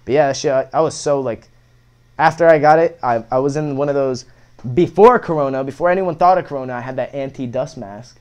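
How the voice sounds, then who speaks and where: A man's voice: mid-range voice, a little fast, darkish tone, clear, resonant tone. A young man in his twenties telling stories in a casual chat, rambling, slangy and full of profanity. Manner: rambling, slangy, heavy profanity, fillers of "bro" and "like".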